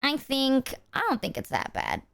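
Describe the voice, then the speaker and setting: A woman's voice: high-pitched, wildly swooping pitch, moderate pace, vocal fry, a bit bright, no room sound, clean studio sound. A woman streamer chatting casually with her viewers in a loose, rambling way, full of filler words and swearing.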